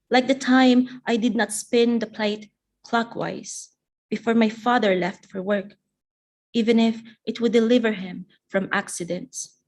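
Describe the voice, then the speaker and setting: Woman poet reading her poem live, slow and measured, every line spaced out. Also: mid-range voice, a little mellow. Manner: slow, measured, deliberate recitation.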